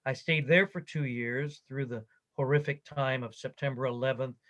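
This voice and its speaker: An older man, the interviewee, recounting his career story in a conversation, animated and quoting others as he goes. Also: mid-range voice, normal speed, low-quality recording.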